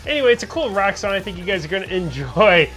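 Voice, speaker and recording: An excitable man co-hosts a casual podcast, laughing easily as he chats. His voice sits a little high and swings widely up and down. Faint music plays underneath. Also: quick pace. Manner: excitable, laughs often, jumps between high and low pitch. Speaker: podcast co-host. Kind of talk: casual chat.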